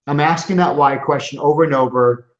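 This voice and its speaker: A man's voice: on the high side, fairly quick. A middle-aged man, a chiropractor, giving an earnest, emphatic motivational webinar talk from his office, often restarting his sentences. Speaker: chiropractor and coaching group founder. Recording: roomy, dull lo-fi sound.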